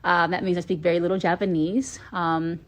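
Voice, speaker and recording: A woman's voice: fairly low pitch, flat delivery, brisk, a little hiss or hum. A woman from Atlanta, Georgia, chatting casually and playfully on a live stream from her phone, with lots of filler ums.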